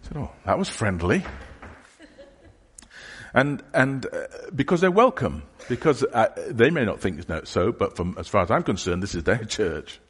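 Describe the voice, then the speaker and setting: A man preaching a sermon in a church hall. He talks in a conversational, halting way, restarting phrases and voicing imagined questions from passers-by. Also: lowish voice, big pitch swings, a bit bright, breathy edge. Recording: long hall reverb.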